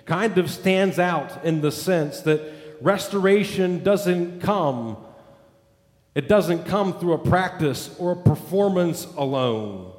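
A man's voice: high voice, animated, takes it slowly, a little mellow, echoey room, in a large hall. A male pastor preaching a sermon, emphatic, building points through repeated lists.

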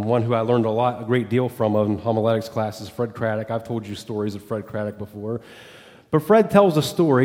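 A man's voice: medium pitch, a little mellow, big-room sound. A pastor telling a story in a sermon, voicing quoted dialogue as he goes. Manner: retells a story with quoted dialogue, rising and falling with it.

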